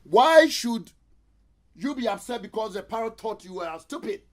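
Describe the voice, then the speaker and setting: A man's voice: sits high, animated, normal speed. A man giving a motivational seminar talk, telling stories and asking the audience rhetorical questions. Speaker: motivational speaker.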